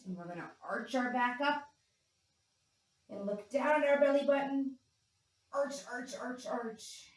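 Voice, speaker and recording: A woman leading a yoga class for young children, talking them gently and playfully through animal poses and animal sounds. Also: mid-range voice. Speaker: kids yoga instructor. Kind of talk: guided kids yoga class. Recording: echoey room, distant from mic.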